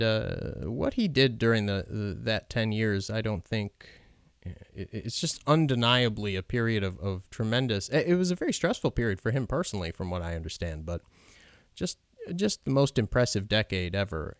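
A man's voice: fairly low pitch, clear, resonant tone, dry recording, clean studio sound. A man giving an unscripted film commentary, hesitant and full of ums and restarts, talking with open admiration.

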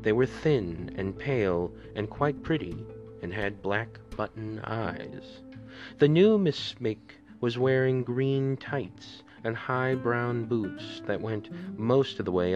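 A man reads a story aloud at an unhurried, steady pace. His voice sits on the low side, and the recording is dull and lo-fi. Soft guitar music plays faintly behind him. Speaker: podcast reader. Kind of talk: audiobook reading.

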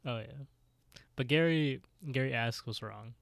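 A man's voice: measured pace, vocal fry, no room sound, clean studio sound. A man co-hosting a podcast, recapping an episode in casual chat and laughing often. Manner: laughs often, quotes characters in high mocking voices. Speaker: podcast co-host.

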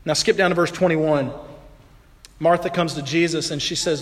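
A man's voice: a little high, steady tone, normal speed, big-room sound. A male pastor preaching a sermon in an earnest, emphatic, conversational way.

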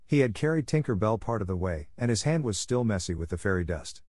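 A man with a fairly low voice reads a children's storybook aloud at a measured, storyteller's pace. The recording is close and dry, with no room sound around the voice. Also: expressive, a little mellow, no echo. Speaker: narrator. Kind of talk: audiobook narration.

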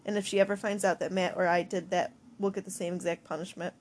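A woman's voice: fairly low pitch, little pitch movement, fast talker, darkish tone, a little hiss or hum, natural voice. A woman voicing a blunt, curious teenage brother in an audiobook, in a matter-of-fact tone.

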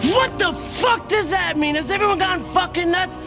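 An actor playing a foul-mouthed, belligerent young man, shouting profane questions in a film clip. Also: very high voice, moderate pace, over music. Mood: angry.

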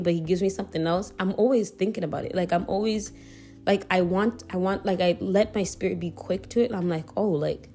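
A young woman talks casually as a faith podcast host, her voice sitting on the low side. She rambles warmly with fillers and restarts. Faint guitar music plays underneath. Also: fast talker. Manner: chatty, relaxed, frequent fillers and self-corrections.

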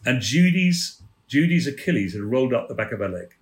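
A man from England spins theatre stories with relish, slipping into the voices of the people he quotes. He has a mid-pitched voice, and the room around him gives it a noticeable echo. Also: a little fast. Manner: lively raconteur, acts out quoted voices. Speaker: podcast guest, former theatre manager. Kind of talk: anecdotal storytelling. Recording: roomy echo.

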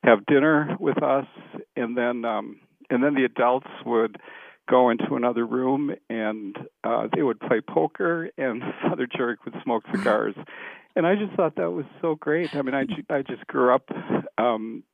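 A man in his sixties, a priest, telling stories in a relaxed way with frequent ums and restarts, as a guest on a radio interview. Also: medium pitch, moderate pace, creaky, dry recording. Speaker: priest, seminary formation director. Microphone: phone. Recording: tinny phone line.

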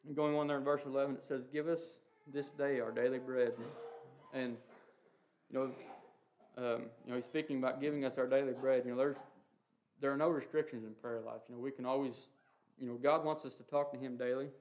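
A man preaching an informal sermon in a flat, even voice at a middling pitch. He talks haltingly, leaning on fillers, earnest throughout. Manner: halting, heavy with "you know" and "um" fillers; earnest, reads scripture quotes aloud. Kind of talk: informal sermon on the Lord's Prayer.

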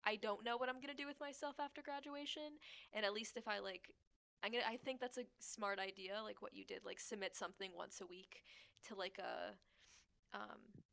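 A woman's voice: mid-range voice, vocal fry, a bit bright. A woman in her twenties hosting a casual podcast, rambling supportively and searching for her words. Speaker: podcast host.

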